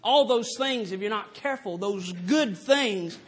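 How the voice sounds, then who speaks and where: A man's voice: high-pitched, animated, unhurried, fairly bright tone, slightly rough. A man preaching a sermon as a traveling evangelist, fervent and plainspoken with folksy grammar.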